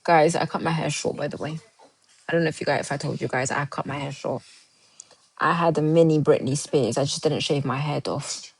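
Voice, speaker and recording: A woman's voice: sits low, a little fast, vocal fry, husky, low-quality recording. A woman chatting casually on a livestream, rambling and restarting her sentences as she answers viewer comments.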